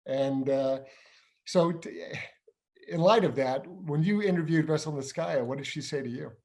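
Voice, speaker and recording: A man hosting an interview who once worked as an intelligence officer, explaining events in a measured way, step by step. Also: a little high, vocal fry, darkish tone. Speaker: show host and former intelligence officer. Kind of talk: conversational interview.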